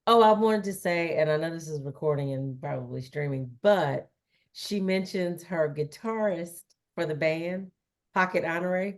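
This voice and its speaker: A woman telling a story in a casual book club chat, in a lively way. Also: deep voice, moderate pace.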